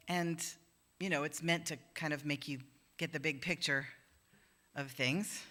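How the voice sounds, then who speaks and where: A woman's voice: low-pitched, fairly even intonation, a little slow, long pauses, sharp tone. A woman minister giving a conversational sermon in a church, acting out the voices she quotes. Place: church sanctuary.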